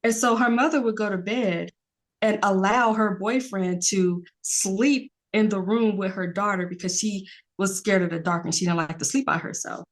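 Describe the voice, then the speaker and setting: A woman's voice: mid-range voice, normal speed. Earnest woman podcast guest. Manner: earnest, rambling with many fillers. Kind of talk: casual podcast conversation.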